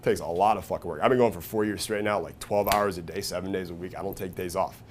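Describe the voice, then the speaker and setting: A man with a lower-than-average voice runs a casual, profane seminar, constantly checking in with the audience. He jumps into loud, high-pitched impressions when quoting people. Faint room noise sits under the recording. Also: fast talker. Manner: profane, energetic, keeps checking in with "right?" and "okay?"; acts out quoted voices with big jumps in pitch and volume. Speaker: seminar speaker. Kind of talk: live seminar talk to an audience.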